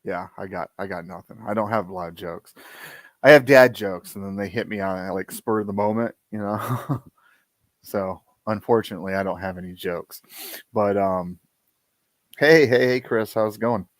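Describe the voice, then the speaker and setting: A man in his forties co-hosting a live stream, laid-back and halting, laughing often. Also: fairly low pitch, no echo. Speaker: podcast co-host. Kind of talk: casual live-stream chat.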